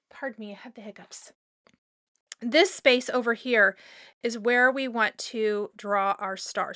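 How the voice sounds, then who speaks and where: Woman doing a sewing how-to, slightly high voice, chatty and relaxed, dry close sound. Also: no echo. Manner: chatty and relaxed, with loose asides. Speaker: sewing tutorial host. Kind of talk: casual step-by-step craft tutorial.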